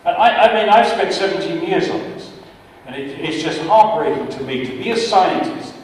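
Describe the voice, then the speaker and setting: An older American man, a retired chemist, is the guest speaker at a public talk with audience questions, speaking passionately. He repeats words for emphasis and stumbles over his starts in a high, expressive voice at normal speed, recorded from far off in an echoey large indoor hall with faint noise.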